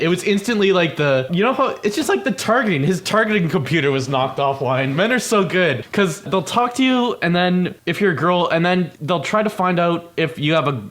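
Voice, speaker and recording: A man's voice: high voice, expressive, fairly quick, hardly any pauses, a bit bright. A man from Canada telling a rambling, profane story casually on a stream.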